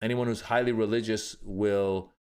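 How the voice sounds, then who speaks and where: A man's voice: fairly low pitch, fairly even intonation, moderate pace, darkish tone, clean tone. A middle-aged man, a comedian from Iran, talking through ideas in a podcast interview, acting out the voices of the people he quotes. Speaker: comedian guest.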